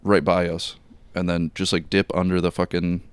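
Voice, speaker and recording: A man's voice: sits low, flat delivery, normal speed, clean tone, no room sound. A young man co-hosting a podcast, telling a story in casual chat, rambling with many fillers and swears. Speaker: podcast co-host.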